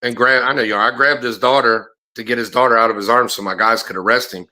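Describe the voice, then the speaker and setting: Profane storytelling man, bright voice. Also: mid-range voice, fast, a little hiss or hum. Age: middle-aged. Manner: profane, animated storyteller acting out quotes. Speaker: former bounty hunter; podcast host. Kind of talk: casual storytelling chat.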